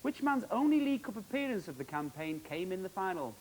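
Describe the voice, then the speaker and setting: Male TV quizmaster, high and animated, jokey and brisk. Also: slight background noise, poor audio. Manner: jokey, upbeat, quick quizmaster delivery. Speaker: quiz show host. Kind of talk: televised quiz hosting.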